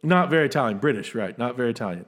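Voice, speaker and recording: A man's voice: mid-range voice, very fast. A man co-hosting a film podcast, talking in a casual, enthusiastic way with frequent laughs and restarts. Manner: animated, enthusiastic, laughs often, many restarts. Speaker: podcast co-host.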